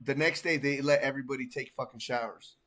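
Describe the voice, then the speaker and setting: A man chatting casually on a podcast, loud and joking, swearing as he tells stories. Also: mid-range voice, steady tone, fast. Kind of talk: casual chat, storytelling.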